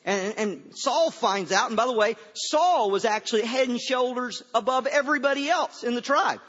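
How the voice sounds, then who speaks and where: A man's voice: very high-pitched, normal speed, a bit bright, in a large hall, highs cut off. A man preaching a sermon to a room of listeners, telling a story conversationally with many stammers and restarts.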